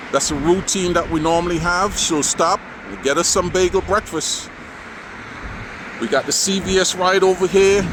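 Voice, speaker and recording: A man recording a casual, sarcastic, rambling vlog outdoors, often saying "man" and talking while driving around town. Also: high-pitched. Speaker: vlogger. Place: outdoors on windy streets, partly driving. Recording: outdoor wind and traffic noise. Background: wind and passing cars.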